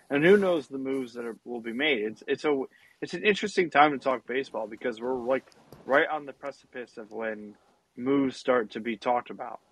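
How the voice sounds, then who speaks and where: A man co-hosting a casual sports chat, rambling through restarts and fillers. His voice sits at a middle pitch for a man. The sound is close and dry, with no room around it. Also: fairly bright tone, husky, no room sound, poor audio. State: has the hiccups. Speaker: podcast co-host.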